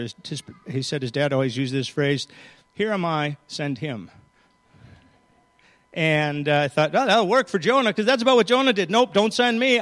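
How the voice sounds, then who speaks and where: A man's voice: on the high side, a bit bright, big-room sound. A man preaching a sermon, retelling a scripture story and reading its verses aloud with changing emphasis.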